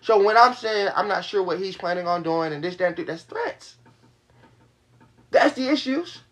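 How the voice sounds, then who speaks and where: A man's voice: high-pitched, lively intonation, moderate pace, fairly bright tone. A young man venting to his livestream audience in a heated, profane rush, repeating his points. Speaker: livestream host. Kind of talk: venting to a live stream audience.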